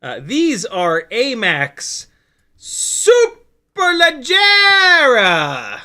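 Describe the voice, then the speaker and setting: A fairly high, bright-voiced man chats through a hobby livestream. He gets excited and curses casually, breaking off and restarting sentences as he works at his bench. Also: unhurried. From United States. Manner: excitable, profane, rambling with restarts. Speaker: FPV drone livestream host. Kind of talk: casual hobby livestream, hands-on soldering demo.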